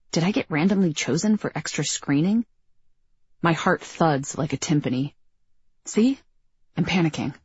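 A woman narrating a first-person audiobook in a wry, self-deprecating, expressive way. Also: low voice, husky, no echo, dull audio.

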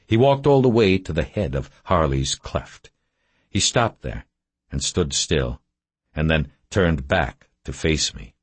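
A man narrates a first-person story in a very deep, husky voice. His delivery is terse and measured, kept low-key from line to line, in a dry recording. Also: lively intonation, no room sound. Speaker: audiobook narrator.

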